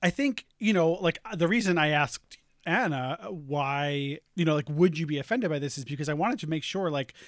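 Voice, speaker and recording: A man's voice: fairly high pitch, normal speed, no room sound, clean studio sound. A man, a podcast host and game master, chatting casually with many fillers and restarts. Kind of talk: casual chat.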